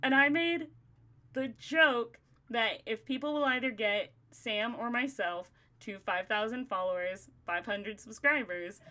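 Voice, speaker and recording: A woman's voice: fairly high pitch, measured pace, sharp tone. A woman hosting a podcast in casual chat, talking in loose, rambling runs and laughing often. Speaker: podcast host.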